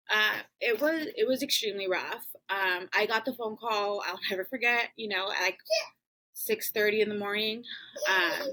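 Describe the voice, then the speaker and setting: A woman with a medium-pitched, pushed and bright voice hosts a podcast, heard on a rough recording. She tells a personal family story in a casual, chatty way, full of "um" and "like."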